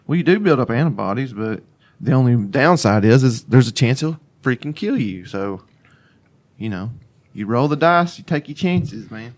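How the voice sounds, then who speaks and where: A man at a mid pitch co-hosting a true crime podcast. He reads listener reviews aloud and cracks wry, offhand jokes. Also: animated, normal speed. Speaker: podcast co-host. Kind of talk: casual podcast chat and intro narration.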